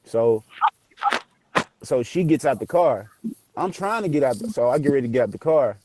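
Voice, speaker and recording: A man tells a ghost story casually, animated and profane, acting out the voices. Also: medium pitch, normal speed, heavy background noise. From Memphis area, US South. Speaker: guest telling a ghost story.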